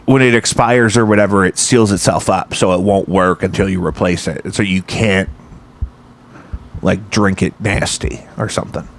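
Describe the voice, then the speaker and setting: A man's voice: deep voice, steady tone, normal speed, creaky, a little hiss or hum. A man hosting a casual livestream chat from his home basement, rambling and teasing. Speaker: podcast host.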